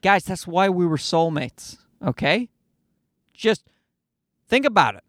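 A man in his thirties rambles and jokes through a casual solo monologue, recorded from the back seat of a parked car. His voice sits high and leaps all over the place. The sound is close and dry, with no room around it. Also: slow, no echo. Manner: joking, rambling, animated. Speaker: podcast host.

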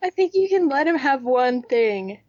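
A woman's voice: high-pitched, very animated, moderate pace, a little mellow, highs cut off. A woman co-hosting a casual podcast chat, candid and joking, with lots of slang. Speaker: podcast co-host. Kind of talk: casual chat reviewing a TV drama.

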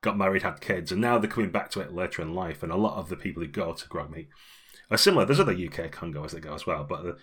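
Very deep-voiced British man chatting. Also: lively intonation, fast talker, a bit bright, slightly rough. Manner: chatty, rambling, laughs often. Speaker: podcast co-host. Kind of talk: casual podcast chat.

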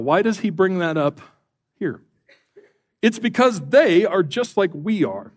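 A man's voice: high-pitched, big pitch swings, measured pace, pauses often. A middle-aged man, a pastor, preaching a sermon, telling a story, acting out the people in it and building to emphatic questions.

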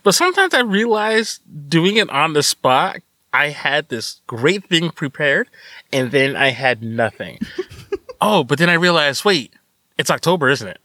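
A man hosting a podcast in casual chat, giggly and self-deprecating, with a husky voice. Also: fairly high pitch, sing-song, unhurried, sharp tone, no echo, clean studio sound. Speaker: podcast host.

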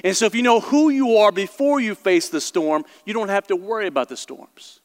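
High-voiced Southern preacher in a reverberant hall. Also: male voice. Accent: Southern American. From American South. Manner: earnest preaching with slow emphatic stresses. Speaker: pastor. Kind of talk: sermon. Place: church.

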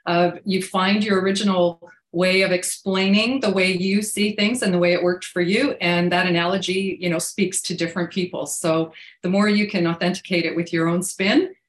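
A woman's voice: fairly low pitch, steady tone, normal speed, roomy sound. A woman speaking as an interview guest, agreeable and friendly as she answers the host. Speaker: guest, life coach. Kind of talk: interview conversation.

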